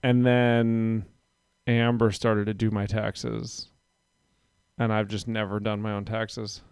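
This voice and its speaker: A man's voice: lowish voice, level tone, slow pace, darkish tone, clean tone, dry recording, clean studio sound. A man chatting casually on a podcast, rambling and self-deprecating as he talks. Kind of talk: casual chat.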